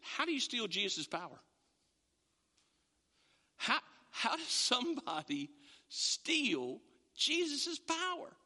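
Animated preaching man in a reverberant hall. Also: very high voice, slow pace, pauses often. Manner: animated, conversational preaching with repeated restarts. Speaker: pastor. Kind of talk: sermon.

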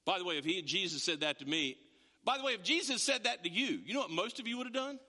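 A male pastor preaches in a lively, conversational sermon, often restarting his sentences. His voice sits high and very bright, with a wide, animated pitch range. The sound carries the long reverb of a large hall. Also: fast talker.

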